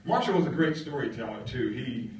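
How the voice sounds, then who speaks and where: A man giving a storytelling talk, halting with fillers and leaning hard on key words, heard from a distance in an echoey room. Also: medium pitch, animated, muffled recording. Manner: halting, with many fillers and emphatic stresses. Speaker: guest speaker.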